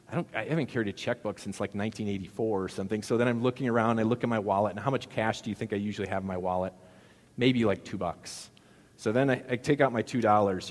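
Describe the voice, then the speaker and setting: A middle-aged male pastor delivers a relaxed, humorous sermon, talking with the congregation and tossing rhetorical questions at them. His voice sits low. It rings out with a long reverb from a large church hall. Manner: conversational, jokey preaching with rhetorical questions. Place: church sanctuary.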